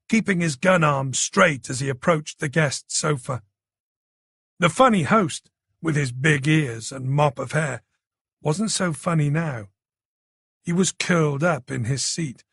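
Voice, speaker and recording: A man's voice: on the high side, vocal fry, a bit bright, breathy edge, dry recording, studio quality. A man narrating a thriller audiobook in a dramatic, tense manner.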